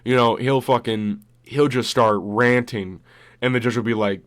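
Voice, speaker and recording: A man's voice: medium pitch, normal speed. Rambling, profane young man. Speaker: vlogger. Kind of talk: casual commentary.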